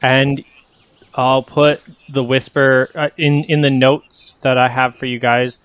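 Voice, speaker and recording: Relaxed, rambling game master man. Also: mid-range voice, slow, clear, resonant tone, no room sound, highs cut off. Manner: relaxed, rambling explanations with fillers. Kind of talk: running a tabletop game.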